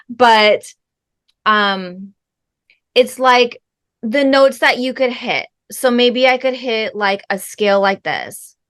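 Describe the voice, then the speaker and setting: A middle-aged woman, a spiritual healing guide, answering interview questions in a slow, measured, earnest way with soft fillers. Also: mid-range voice.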